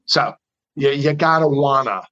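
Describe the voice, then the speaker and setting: Animated New storyteller man. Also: mid-range voice, a little slow, dull audio. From New York. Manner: animated, chatty storyteller who acts out quotes. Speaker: custom car builder. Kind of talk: storytelling in an interview.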